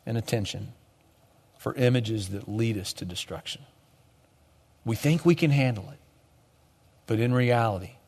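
A young man preaching a sermon in a conversational way, dropping to a low hush at the end of each point. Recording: long hall reverb.

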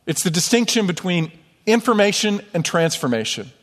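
A man's voice: high voice, very animated, moderate pace, a bit bright. A man from upstate New York preaching a sermon as pastor, conversational and self-deprecating, in a church sanctuary. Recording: long church hall reverb.

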